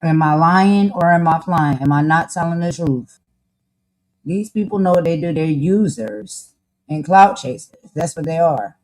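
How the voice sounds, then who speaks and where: A woman's voice: low voice, a little slow, a little mellow, rough recording. A woman host with a New Jersey accent, talking in a blunt, sassy, slang-heavy way. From Camden, New Jersey. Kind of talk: casual chat.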